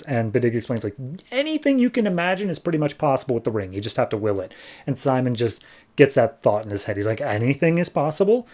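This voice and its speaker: A man hosting a podcast, casually recapping a comic book issue and tossing in quick playful voices for the characters. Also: mid-range voice, a little mellow. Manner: retells scenes with quick playful quoted voices. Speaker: podcast host.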